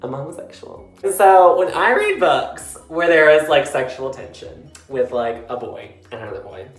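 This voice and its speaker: A book vlogger, a tipsy man lounging in a bathtub in a tiled bathroom, rambles casually about books with plenty of fillers and giggles. His voice sits a little high and sounds very animated at a moderate pace. The recording echoes off the bathroom walls, with faint music in the background.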